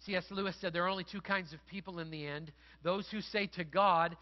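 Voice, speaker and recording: A middle-aged man delivers a sermon as a pastor, his voice sitting high for a man. He talks like he is telling stories to friends, then leans into earnest emphasis. The recording sounds muffled and lo-fi. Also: steady tone, brisk, few pauses. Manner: conversational storytelling, building to earnest emphasis.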